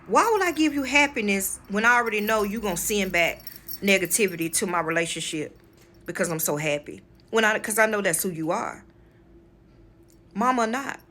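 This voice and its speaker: A woman's voice: mid-range voice, expressive, normal speed, bright, forceful tone. A married woman with children hosting a spiritual channel, telling a personal story in a casual vlog, frank and emphatic, speaking to viewers as y'all and swearing freely. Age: adult, married with children.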